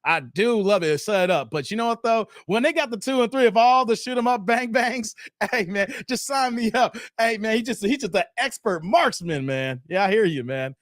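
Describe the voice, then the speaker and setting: Hosting a laid-back live stream, this man talks at a normal speed in a high, animated, slightly bright voice, recorded dry with clean studio quality. He responds loosely to viewer comments, keeps saying "man," and comes across as brash and defiant toward critics.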